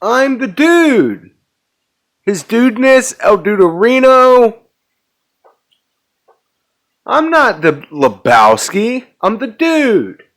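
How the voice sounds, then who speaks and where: A mellow, unbothered slacker, as a man puts him on drawls each word slowly in a raised voice. His tone is easy and self-satisfied. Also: sing-song, full character voice. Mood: laid-back. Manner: high, slow, drawling. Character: laid-back slacker man, easygoing.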